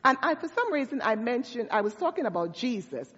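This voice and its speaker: A woman's voice: on the high side, big pitch swings, a little fast, a bit bright, slightly rough. Lady pastor preaching, kinda muffled recording, big echoey church, talks to the folks like she's chatting. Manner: storytelling, conversational preaching with asides to the congregation. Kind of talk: sermon. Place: church sanctuary. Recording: dull sound with long hall reverb.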